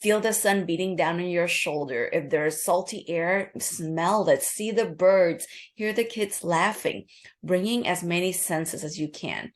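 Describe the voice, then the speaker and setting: A woman being interviewed as an author and nurse practitioner, explaining a calming method in a quick, earnest, instructive way. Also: on the low side. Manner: acts out inner voices in quoted asides.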